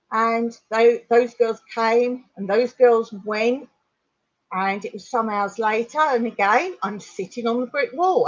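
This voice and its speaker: A woman from England recounts a personal memory on her livestream, rambling and animated as she goes. Her voice sits at an ordinary middle pitch. The sound is slightly dull and lo-fi. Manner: rambling, animated retelling with laughs. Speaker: vlogger on a livestream. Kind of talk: storytelling on a livestream.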